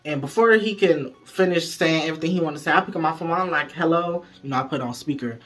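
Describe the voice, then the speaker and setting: A man telling a story to viewers in a casual, profane, animated way, speaking straight to the audience. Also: on the high side, fast talker.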